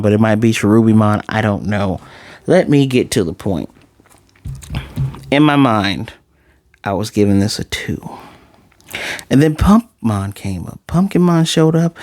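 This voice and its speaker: A man casually recapping and reviewing an anime episode, acting out character lines with dramatic, exasperated reactions. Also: on the low side. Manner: animated, acts out character lines in quick snippets.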